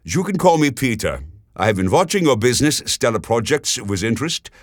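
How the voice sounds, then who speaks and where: A man voicing a suave, persuasive German businessman with a German accent, speaking politely and smoothly. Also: medium pitch, sing-song, fairly quick, no echo, clean studio sound, voice pushed up. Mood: courteous.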